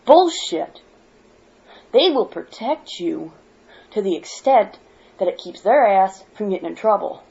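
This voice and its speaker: A woman from Michigan speaks straight to camera in an impassioned monologue, blunt and quick to swear. Her voice sits at an ordinary middle pitch for a woman. The recording is dull and lo-fi, like a cheap home setup. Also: animated, gravelly, dark tone. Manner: worked up, blunt, swears freely. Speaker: vlogger.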